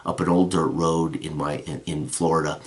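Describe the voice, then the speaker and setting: Man, very deep voice, game master, casual rambling recap, lots of restarts. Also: fairly even intonation, moderate pace. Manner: rambling, with frequent restarts and fillers. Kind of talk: recapping a tabletop game session.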